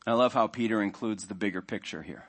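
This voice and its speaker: A man's voice: on the low side, fast talker. A man preaching a sermon in a conversational way, now and then acting out the inner voices of his listeners. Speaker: pastor.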